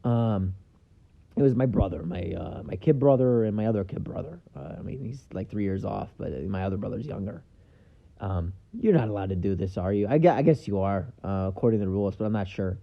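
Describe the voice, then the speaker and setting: Rambling low-voiced man on a lo-fi podcast. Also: lively intonation, brisk, vocal fry. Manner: casual, swears, lots of ums. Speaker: podcast host. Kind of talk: rambling solo podcast chat. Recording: dull lo-fi sound.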